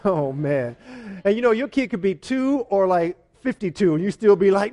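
A high-voiced male pastor preaching with animated, conversational energy. He drives home his points through emphatic repetition and questions to the congregation. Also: normal speed. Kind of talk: sermon.

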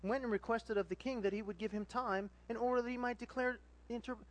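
A man preaching a sermon, animated, swinging between loud exhortation and quiet asides. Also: very high-pitched, fast talker.

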